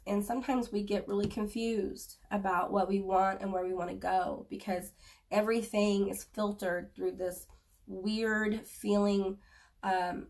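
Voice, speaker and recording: A woman giving a spoken tarot reading to viewers, earnest and halting, offering gentle reassurance. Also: medium pitch, creaky, far from the mic. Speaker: tarot reader.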